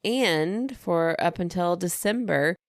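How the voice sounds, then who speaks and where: A woman's voice: fairly low pitch, expressive, slow, dry recording, studio quality. A woman co-hosting a podcast in casual chat, running through plugs with a chatty, rambling manner. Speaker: podcast co-host.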